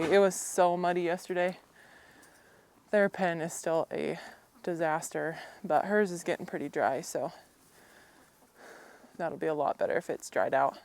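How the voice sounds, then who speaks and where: A woman's voice: on the low side, normal speed. Chatty woman soothing a horse outdoors. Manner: soothing, chatty, often laughing, talks gently to the horse. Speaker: horse owner and vlogger. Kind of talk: casual vlog narration while tending a horse. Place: outdoors at a horse pen, windy.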